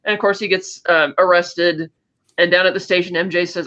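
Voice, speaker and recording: High, bright-voiced man recapping a film. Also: brisk, lo-fi sound. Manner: rambling animated retelling with acted quotes. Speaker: podcast co-host. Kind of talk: casual chat, film recap.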